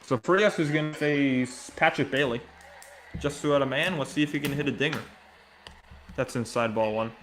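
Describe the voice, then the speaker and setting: A man giving casual live baseball play-by-play, chatting with viewers and reacting excitedly between pitches. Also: moderate pace, slight background noise. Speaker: live sports commentator.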